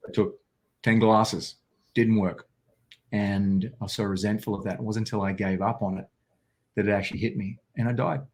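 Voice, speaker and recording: A man's voice: on the low side, fairly even intonation, normal speed, a little mellow. An Australian man telling a personal story as an interview guest, vivid and intense, acting out quotes.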